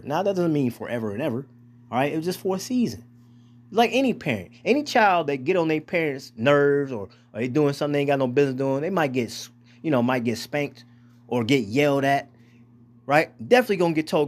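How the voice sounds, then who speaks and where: A man casually preaching and reading scripture aloud, with profane, street-style, animated talk. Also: fairly high pitch, brisk. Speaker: scripture teacher.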